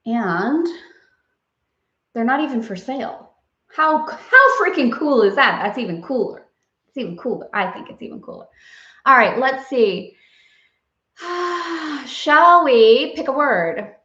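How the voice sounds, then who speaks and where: A woman's voice: high voice, lively intonation, slow, pauses often, sharp tone. A woman hosting a casual live stream, gushing and bubbly, laughing often as she chats with viewers. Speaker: host. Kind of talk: casual livestream chat. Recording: roomy, dull lo-fi sound.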